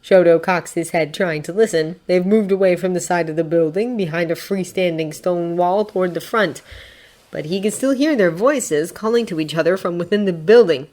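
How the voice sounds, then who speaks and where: A woman narrating fiction as an audiobook, expressive and voicing characters. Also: lowish voice, normal speed. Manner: expressive, acting out voices. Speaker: fanfiction reader.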